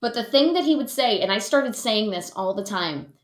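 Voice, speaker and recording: A woman guesting on a podcast in casual chat, chatty and quick to laugh. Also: mid-range voice, expressive, a crowd in the background. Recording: echoey room.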